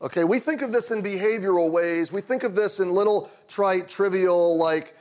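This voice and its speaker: At a normal speed, a middle-aged pastor recounts something personal in a sermon that feels like conversation. He softens to a low, quiet voice for the tender parts.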